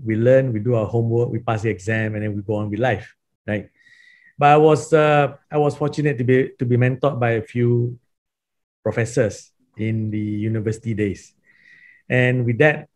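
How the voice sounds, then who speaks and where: A man's voice: medium pitch, darkish tone. A man, a professor on a webinar panel, answering in a reflective, conversational way. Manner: reflective, conversational with "you know" and "right".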